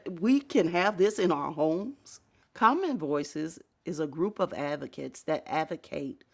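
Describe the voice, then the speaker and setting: A middle-aged woman, a fire safety advocate, giving earnest and reflective personal testimony in an interview, breaking into soft laughs now and then. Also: deep voice, vocal fry.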